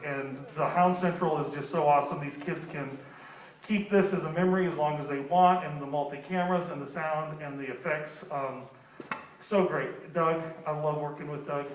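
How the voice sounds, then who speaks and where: A man who directs a drama club thanks everyone before a show, speaking in a rambling way with many fillers. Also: on the high side. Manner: rambling, grateful, many um's. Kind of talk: casual speech to an audience. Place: school theater. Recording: distant, dull and echoey hall audio.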